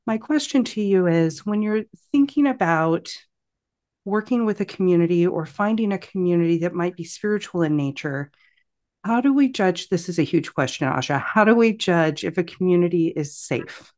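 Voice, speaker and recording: A woman hosts a podcast interview and asks thoughtful, probing questions, pausing with fillers. Her voice sits somewhat low for a woman. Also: animated, a little mellow. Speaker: podcast host.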